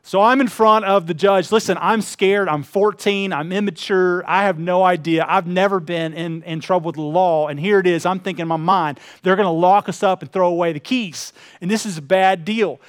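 A man preaching a sermon, telling a personal story earnestly, dropping to hushed tones and then building in intensity. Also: high-pitched, fairly even intonation, normal speed, hardly any pauses, no echo, clean studio sound. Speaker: pastor.

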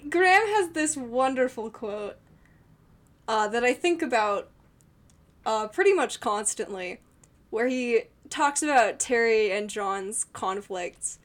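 Slow-talking woman podcast co-host. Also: fairly high pitch, expressive. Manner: rambling, many restarts and fillers, giggly. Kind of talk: casual chat.

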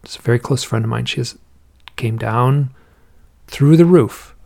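Man, gravelly voice, interview guest, musing storyteller, thinks aloud. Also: mid-range voice, unhurried, darkish tone. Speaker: interview guest, researcher of alien encounter accounts. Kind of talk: casual interview talk.

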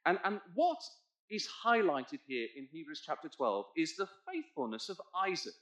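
A man's voice: on the high side, wildly swooping pitch, normal speed. A man preaching a Bible sermon, guiding his congregation through the text and rising to emphatic points. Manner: expository, asks congregation to look in their Bibles; emphatic, swells loud on key points. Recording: echoey church hall.

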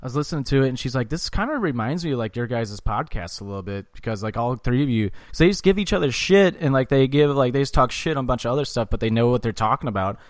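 A man's voice: mid-range voice, lively intonation, fast, few pauses, dry recording, studio quality. A young man co-hosting a podcast in casual, profane chat, full of "like" fillers. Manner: loose, profane, lots of "like" fillers. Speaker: podcast co-host.

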